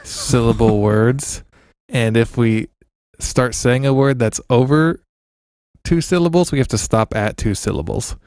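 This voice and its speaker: A man co-hosting a podcast in easy, joking chat. His voice sits at a middle pitch and sounds close and dry, with no room around it. He is teasing and relaxed. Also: no room sound. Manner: joking, reads lyrics aloud slowly. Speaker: podcast co-host. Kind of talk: casual chat.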